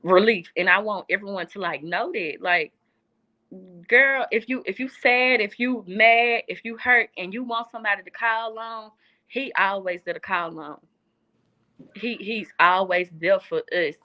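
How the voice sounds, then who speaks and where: A young adult woman speaks a little slowly in a mid-range voice, the audio dull. Guesting in a casual chat, she's earnest and heartfelt, often repeating phrases for emphasis.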